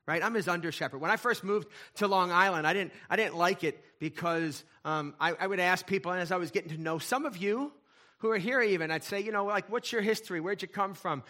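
Bright-voiced preaching pastor. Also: male voice, high voice. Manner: emphatic preaching with repetition and rhetorical questions. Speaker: lead pastor. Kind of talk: sermon. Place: church.

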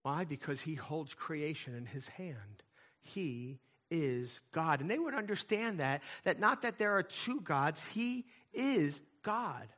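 A male pastor delivers a sermon with emphatic repetition and rhetorical questions. His voice sits a little high and rings bright and forceful. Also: big pitch swings, slow. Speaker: lead pastor. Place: church.

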